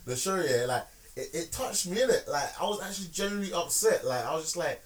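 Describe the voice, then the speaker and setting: A man co-hosting a podcast, telling stories in slangy, animated casual chat with lots of restarts. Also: high-pitched, fast, distant mic. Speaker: podcast co-host.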